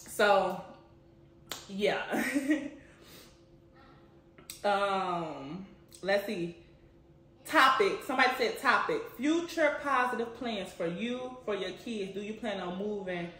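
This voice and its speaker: A woman's voice: on the high side, fairly bright tone, a little hiss or hum. A young woman chatting casually to camera, laughing often as she answers viewer questions. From Chicago. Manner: chatty, laughs often, says "you know what I'm saying". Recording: echoey room.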